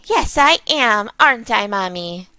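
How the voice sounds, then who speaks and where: A woman voicing a sick, clingy little boy with a high, childish voice while reading game dialogue aloud. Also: animated, a little slow, bright, forceful tone, no room sound, low-quality recording. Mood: whiny. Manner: whiny, small-voiced.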